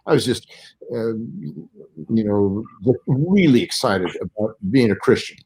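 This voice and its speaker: With a fairly low, warm voice, lively intonation and a normal pace, a sixty-something Bible scholar from Southern California guests on an interview program. His explanations are careful and step by step, much like a lecture.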